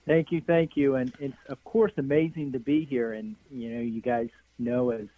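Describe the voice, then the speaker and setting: A man's voice: mid-range voice, steady tone, normal speed. A man guest on a phone-in interview, talking enthusiastically with many fillers and trailing phrases. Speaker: guest, energy healer. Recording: tinny phone line, dry.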